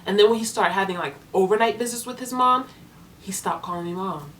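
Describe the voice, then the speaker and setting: A young woman talking casually to her viewers as a foster parent vlogger, chatty and animated, acting out the people in her stories. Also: medium pitch, a little fast, a little hiss or hum. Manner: chatty, animated storytelling with voiced quotes. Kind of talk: casual vlog chat to viewers.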